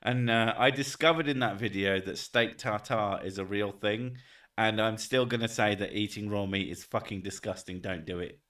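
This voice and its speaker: A man's voice: fairly low pitch, normal speed, a bit bright, far from the mic. A man streaming live, chatting casually, swearing often and laughing between rambling thoughts. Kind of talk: casual livestream chat.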